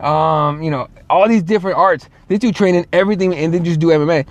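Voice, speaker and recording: A man's voice: on the high side, fast talker, no room sound. A man hosting a casual solo show, rambling and swearing, full of fillers and restarts. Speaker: show host.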